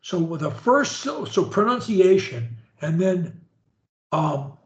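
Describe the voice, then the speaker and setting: A man with a high, animated voice coaches a client through speech drills, spelling out instructions and slowing words down for him to copy. He speaks unhurriedly. The sound is roomy and a little dull. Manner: directive, models words slowly for repetition. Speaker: speech therapist.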